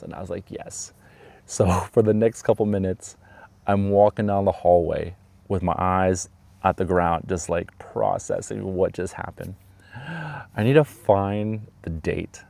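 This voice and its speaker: A man, a teacher, telling a lively story from his classroom in a vlog and acting out the voices. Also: low-pitched, creaky. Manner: animated storyteller, acts out voices.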